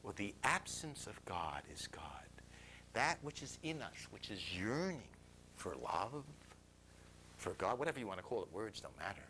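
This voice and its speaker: A man telling a personal story to a live audience, confessional and animated, dropping to near whispers and rising loudly, often laughing. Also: fairly low pitch, normal speed, a little hiss or hum, poor audio. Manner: confessional, swings from hushed to loud, laughs often.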